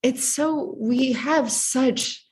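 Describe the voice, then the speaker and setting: A woman from Virginia, a podcast guest and author, speaking in a heartfelt, expressive way and often asking "right?". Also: sits high, extremely slow, slightly rough. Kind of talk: casual interview talk.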